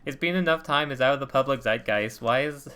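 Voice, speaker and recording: A man casually chatting and recapping a tabletop game session in an animated, rambling way. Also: mid-range voice, fairly quick, a crowd in the background.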